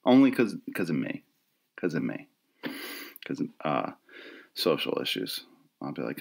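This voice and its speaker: A man's voice: deep voice, wildly swooping pitch, unhurried, gravelly, long pauses, a bit bright. A middle-aged man from the Philadelphia area, hosting his own podcast in a wry, rambling, self-deprecating monologue. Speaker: podcast host. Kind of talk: casual solo podcast monologue.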